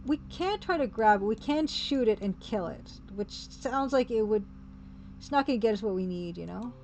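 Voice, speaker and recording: A woman's voice: on the high side, lively intonation, moderate pace, a little mellow, slight background noise. A woman streaming a let's play on a desk microphone, chatty and amused, thinking aloud as she plays.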